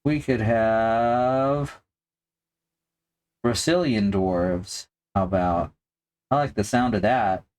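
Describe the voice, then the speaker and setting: A man's voice: fairly low pitch, slow pace, pauses often, a little mellow. A man hosting a live stream, chatting casually and joking as he thinks aloud while painting miniatures.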